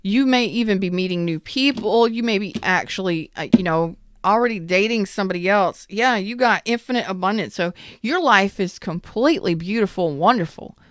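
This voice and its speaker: A woman's voice: medium pitch, brisk, few pauses, dry recording, studio quality. A woman giving a live tarot reading in a chatty, blunt way, greeting viewers as she goes. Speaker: tarot reader.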